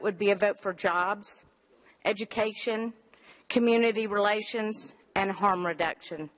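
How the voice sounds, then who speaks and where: A woman's voice: medium pitch, poor audio. A woman, a mother, giving an earnest and emotional prepared public comment to a city council. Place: council chamber.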